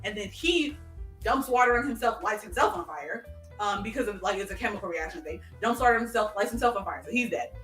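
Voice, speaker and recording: A woman hosting a casual chat show, telling a long story in an animated way with many fillers and restarts. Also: medium pitch, quick pace. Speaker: podcast host. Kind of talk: casual chat, recapping a TV episode. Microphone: video call stream. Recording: echoey room, distant mic, faint music.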